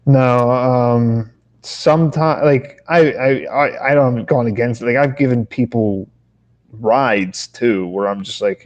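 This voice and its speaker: A man co-hosting a podcast, chatting casually at a middle pitch. He rambles through his stories, swears freely and keeps breaking off to restart his sentences. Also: slow. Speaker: podcast co-host. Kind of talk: casual chat.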